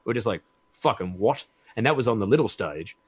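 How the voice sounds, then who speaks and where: A man's voice: fairly low pitch, lively intonation, very fast, slightly rough, no echo. A man with an Australian accent, chatting enthusiastically as a guest and swearing freely. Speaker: guest comedian. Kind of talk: casual chat.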